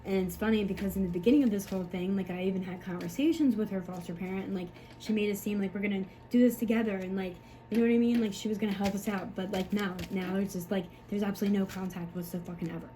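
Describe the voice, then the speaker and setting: A woman's voice: medium pitch, fairly even intonation, fast, hardly any pauses, dark tone, slight background noise, poor audio. Frustrated mother venting in rambling speech. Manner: rambling, frustrated, full of fillers and swearing. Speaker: mother speaking to camera. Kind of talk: emotional personal monologue.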